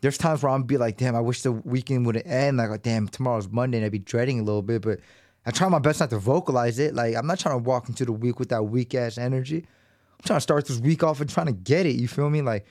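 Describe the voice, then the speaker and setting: A man's voice: medium pitch, fast talker, darkish tone, no echo. Rambling profane man in his thirties, dry sound. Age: 30s. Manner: loose, profane, rambling with many fillers. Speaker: podcast host. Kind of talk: solo podcast monologue.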